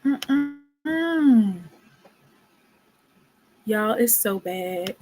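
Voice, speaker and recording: A woman commenting on a scandal in a slow, drawn-out way, exasperated and theatrical, with hushed whispered asides between her lines. Her pitch sits in an ordinary middle range. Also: noisy background. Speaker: commentary vlogger. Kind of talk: casual commentary.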